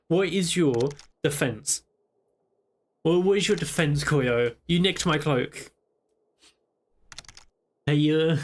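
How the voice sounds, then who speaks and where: Guy streaming a game, kinda high voice, goofy and teasing, says stuff twice. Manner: playful, teasing, repeats himself. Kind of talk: casual gameplay stream chat.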